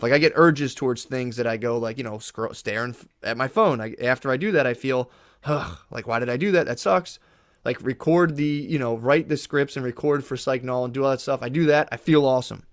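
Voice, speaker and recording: A man's voice: medium pitch, dry recording, studio quality. Blunt, swearing man in casual podcast talk. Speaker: podcast guest. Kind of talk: casual chat.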